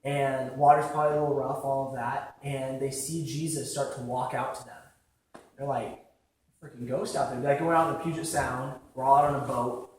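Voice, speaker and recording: A young man giving a casual sermon, talking conversationally with lots of "like" fillers and acting out quick quotes. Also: mid-range voice, steady tone, a little hiss or hum. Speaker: preacher. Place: large echoing church hall. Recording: very echoey hall from far off.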